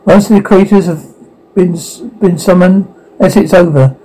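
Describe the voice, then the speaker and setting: Terse exasperated magician read by a man in his own fairly high, mellow voice, brusque, fan reading. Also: unhurried, rough recording. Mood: curt. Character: irritable male chaos magician, middle-aged, brusque.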